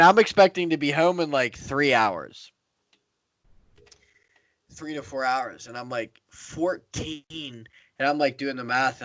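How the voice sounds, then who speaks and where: A young man from the Pittsburgh area hosts a podcast, spinning a rambling road story in casual chat, swearing freely and growing more animated as he talks. His voice sits at an ordinary middle pitch, recorded dry and close with no room sound.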